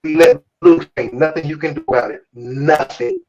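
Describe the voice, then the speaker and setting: A man's voice: a little high, normal speed, a little mellow, muffled recording. A man hosting a live-stream talk show, speaking bluntly and preachily, with lots of swearing. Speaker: podcast host. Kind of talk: casual chat on a live stream.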